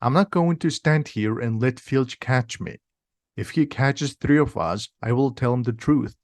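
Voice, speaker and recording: A man's voice: mid-range voice, measured pace, no room sound, lightly acted. A man reading the lines of a bossy, clever schoolgirl witch in an insistent, scolding way, dry and close.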